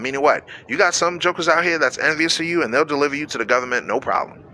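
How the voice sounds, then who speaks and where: A man's voice: fairly high pitch, quick pace, pushed and bright, a little hiss or hum. A man preaching on a radio show, reading scripture and explaining it in a casual, slangy way, acting out quoted voices and speaking straight to his listeners.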